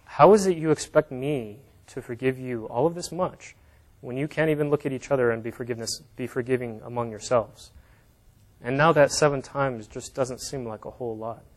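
A man's voice: mid-range voice, moderate pace. A man preaching an informal sermon, reading scripture aloud and explaining it in a conversational way with plain everyday examples.

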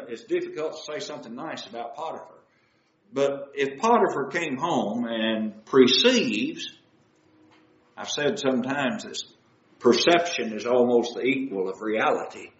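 A man's voice: mid-range voice, echoey room, highs cut off. A man preaching a sermon, asking his listeners question after question. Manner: asks the audience many questions.

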